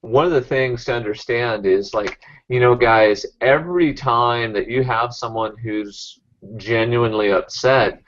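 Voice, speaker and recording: A man coaching a real estate team through sales objections, his talk full of "um" and restarts. His voice sits at an ordinary middle pitch. The sound is dull and lo-fi. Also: measured pace, a bit bright. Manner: coaching, many fillers and restarts.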